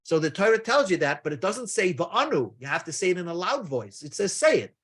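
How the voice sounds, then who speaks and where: A man's voice: sits high, big pitch swings, fairly quick, a bit bright, slightly rough. A man giving a daily Talmud lesson, explaining step by step with casual asides and freely mixing in Hebrew and Aramaic terms. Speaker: Talmud teacher.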